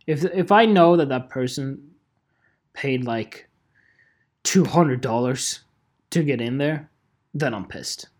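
Animated, profane, repetitive, unhurried, casual rant. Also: mid-range voice. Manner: animated, profane, repeats phrases, laughs often. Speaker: photographer vlogger. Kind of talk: casual ranting vlog.

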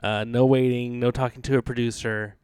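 A man's voice: mid-range voice, level tone, a little fast, a little mellow, smooth, no echo. A man co-hosting a casual podcast chat, telling rambling stories with many fillers and restarts. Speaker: podcast co-host.

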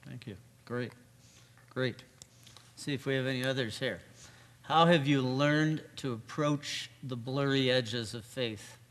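A bright-voiced male moderator in a hall. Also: medium pitch, unhurried, long pauses. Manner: wry, teasing. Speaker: interviewer, moderator. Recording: long hall reverb, faint ambience.

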